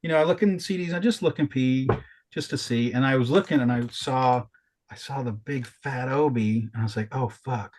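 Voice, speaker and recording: Excitable man telling a story. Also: medium pitch, normal speed, a little hiss or hum. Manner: animated storytelling, frequent swearing and restarts. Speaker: podcast co-host. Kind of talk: casual chat.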